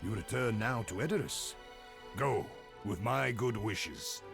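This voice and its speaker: Game NPC: a grave, formal fantasy ally with a low, gravelly voice. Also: male voice, animated, unhurried, over music.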